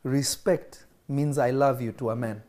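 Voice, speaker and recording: A man teaching a small group about love and the Bible, answering questions in a lively, storytelling way. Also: mid-range voice, unhurried. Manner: lively storytelling, quotes others.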